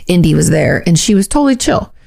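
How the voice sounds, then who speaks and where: A woman's voice: lowish voice, sing-song, fast, creaky, a little mellow. A woman co-hosting a podcast in casual chat, blunt and chatty, swearing now and then. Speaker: podcast co-host.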